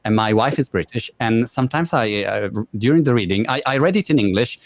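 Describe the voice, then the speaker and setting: A man from Italy with an Italian accent, interviewing in English, his second language, with halting, friendly questions. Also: medium pitch, expressive. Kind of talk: casual interview.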